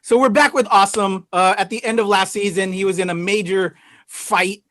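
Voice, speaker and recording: A man's voice: high voice, fairly even intonation, moderate pace, fairly bright tone, dry recording, studio quality. A man hosting a casual review podcast over a video call, chatty and loose with many fillers, laughing often. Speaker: podcast host.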